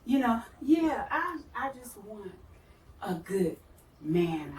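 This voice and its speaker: Animated, high, lively-voiced woman. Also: takes it slowly. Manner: animated, laughing storyteller. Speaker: guest. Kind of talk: casual storytelling chat. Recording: echoey room, mic at a distance.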